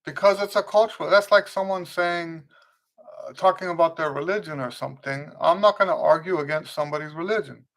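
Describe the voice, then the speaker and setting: A man hosting a live trumpet Q&A, answering viewers' questions in a relaxed, conversational way, often restarting and checking in with "okay?". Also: on the high side, a little fast. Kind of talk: casual livestream teaching, answering viewer questions.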